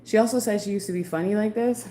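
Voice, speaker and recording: A woman's voice: medium pitch, fast talker, dark tone, a little hiss or hum. A woman giving a chatty, rambling live-stream card reading, passing on messages from spirits. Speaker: psychic card reader.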